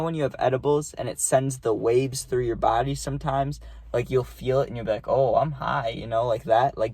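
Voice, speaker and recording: A man's voice: mid-range voice, darkish tone, no echo. Rambling young man telling a story. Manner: rambling, profane, filler-heavy. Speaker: storytime vlogger. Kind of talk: casual storytelling.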